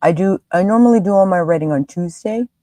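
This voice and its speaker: A woman's voice: fairly low pitch, fast, warm tone, dry recording. A woman co-hosting a casual livestream in an easygoing way, often with short agreeing replies. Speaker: stream co-host.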